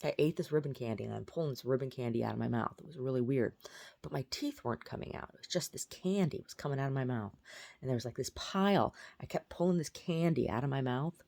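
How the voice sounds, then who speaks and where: A woman's voice: very deep voice, fast talker, creaky, darkish tone. A woman telling about a strange dream in a casual vlog, rambling with many fillers and restarts. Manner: baby talk to her pet dog. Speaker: vlogger.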